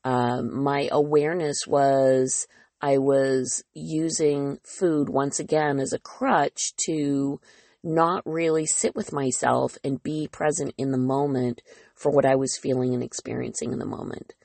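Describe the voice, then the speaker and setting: A woman's voice: extremely low pitch, steady tone, a little slow, gravelly, a little mellow, no echo. A woman hosting her own podcast, talking candidly and earnestly in a reflective personal monologue, often poking fun at herself. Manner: candid, earnest, self-deprecating. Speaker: podcast host.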